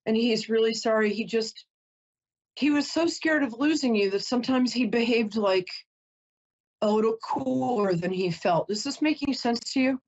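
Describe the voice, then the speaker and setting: A woman's voice: on the high side, normal speed, a little mellow, highs cut off. A woman giving a live call-in psychic reading, chatty and emotional, often breaking off to apologize. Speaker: psychic reader.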